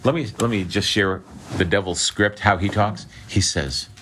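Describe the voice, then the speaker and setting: A man's voice: lowish voice, normal speed, bright, forceful tone, a little hiss or hum. A man giving a conversational sermon, often checking in with listeners and restarting his sentences. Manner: conversational preaching with restarts and frequent "okay?" checks. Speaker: preacher.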